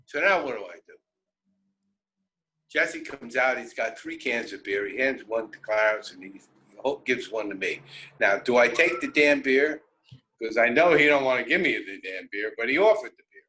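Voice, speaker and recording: A man telling a road story on a radio show, animated and self-interrupting, often laughing. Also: medium pitch, moderate pace, low-quality recording. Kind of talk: casual storytelling.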